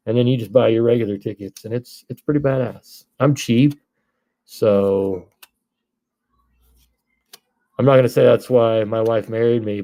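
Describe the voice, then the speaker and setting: A man, hosting a live card break stream, reading off names and breaking into excited shouts. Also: mid-range voice.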